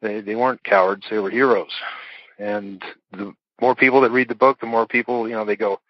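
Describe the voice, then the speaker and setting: A middle-aged man with a lowish voice talks through his stories in a relaxed, rambling way, dotted with fillers and soft chuckles. The audio is dull, dry and lo-fi. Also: brisk, no echo. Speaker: author and interview guest. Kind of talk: casual interview conversation.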